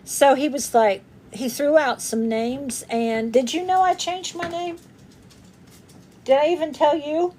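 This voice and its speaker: Slow-talking chatty woman host. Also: high-pitched, fairly even intonation, darkish tone, slight background noise. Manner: chatty, rambling, greets viewers by name; laughs often. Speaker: craft livestream host. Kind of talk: casual livestream chat.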